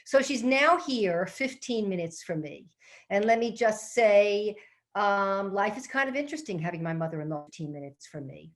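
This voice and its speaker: A woman's voice: mid-range voice, moderate pace. Chatty woman telling a story to an audience. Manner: lively, chatty, addresses the audience directly. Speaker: professional speaker and organizing expert. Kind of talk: storytelling webinar talk. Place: her home office. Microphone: computer mic on a live webinar.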